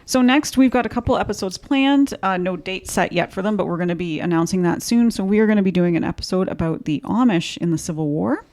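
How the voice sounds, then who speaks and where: Canadian woman co-host, creaky voice, chatty and halting. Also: mid-range voice, darkish tone. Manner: chatty, halting with ums and restarts. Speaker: podcast co-host. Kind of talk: casual podcast chat.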